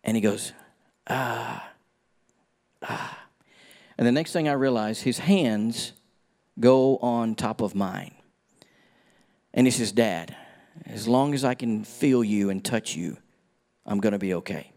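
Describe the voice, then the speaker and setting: A man's voice: on the low side, measured pace, pauses often, warm tone. A middle-aged man preaching, telling a personal story and calling for amens from the congregation.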